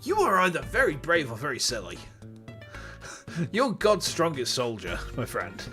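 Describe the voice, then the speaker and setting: A streamer voicing a gruff, menacing old male mob boss in a game, speaking slowly with threat behind every word. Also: medium pitch, huge pitch swings, music in the background, pitched below the performer's own voice. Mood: ominous.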